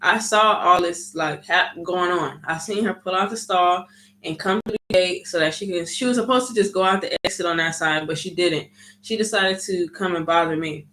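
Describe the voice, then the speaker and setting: A woman's voice: lowish voice, normal speed, pushed and bright, a little hiss or hum. A woman vlogger telling a story in a casual, chatty way, full of "like" and "you know". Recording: echoey room.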